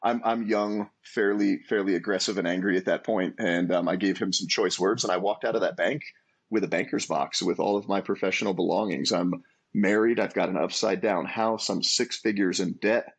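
Husky-voiced man in his forties. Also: deep voice, normal speed. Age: 40s. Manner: earnest, animated storytelling with restarts. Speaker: guest, entrepreneur. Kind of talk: storytelling interview answer.

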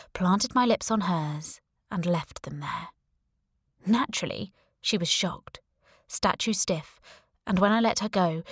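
A woman's voice: medium pitch, breathy edge, no echo, clean studio sound. A woman reading a first-person audiobook in a wry, conversational storytelling manner. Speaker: audiobook narrator.

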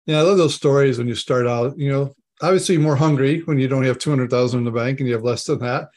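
Male interview host, mid-range voice, warmly affirming, conversational questions. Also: medium pitch, quick pace. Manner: affirming, asks questions, frequent agreement. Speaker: podcast host.

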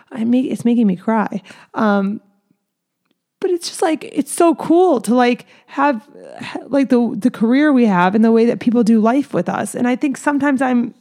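A woman's voice: medium pitch, dark tone. A woman in her thirties, a hairstylist, talking through her thoughts in a casual, rambling monologue full of fillers and restarts, at times close to tears. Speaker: hairstylist and salon owner.

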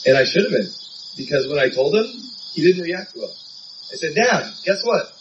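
Male preacher from San Diego, earnest conversational sermon, a bit high-pitched, mic set back, faint crickets behind. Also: lively intonation, fairly quick, recorded from a distance, highs cut off, noisy background.

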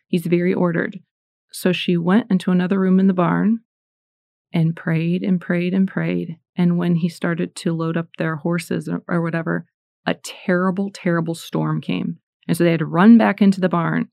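Middle-aged woman chatting earnestly about faith, low gravelly voice, dry close sound. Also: flat delivery, moderate pace, darkish tone, no echo. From United States. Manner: earnest, chatty, lots of fillers. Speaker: Christian speaker. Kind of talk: casual faith talk.

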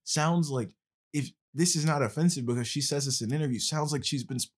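A man's voice: a little high, fairly quick. A male podcast host in casual conversation, explaining at length with passion.

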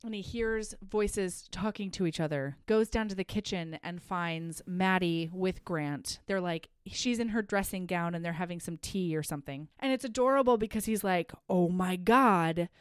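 A woman co-hosting a casual podcast, recapping a romance novel with profanity and quick acted-out asides. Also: fairly low pitch, smooth, no room sound, studio quality. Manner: animated, profane, acts out characters in quick asides. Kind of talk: casual chat.

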